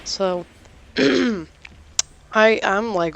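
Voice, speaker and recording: A teenage boy casually telling a story about his day, rambling with halting restarts and lots of "like". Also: high voice, steady tone, slight background noise. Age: teens.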